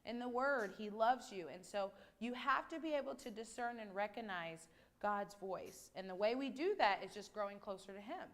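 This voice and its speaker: A woman leading a children's message in church, asking gentle questions and closing in prayer. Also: medium pitch, normal speed. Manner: gentle, conversational, asks questions. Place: church sanctuary.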